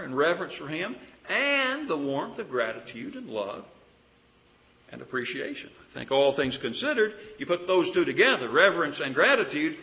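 A man preaching a sermon in an earnest, pleading way, often asking his listeners questions. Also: fairly high pitch. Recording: roomy, dull lo-fi sound.

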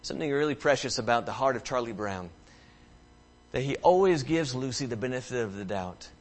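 A man's voice: mid-range voice, expressive, a little fast. Impassioned man preaching a sermon. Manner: swings from loud impassioned climbs to hushed, soft passages.

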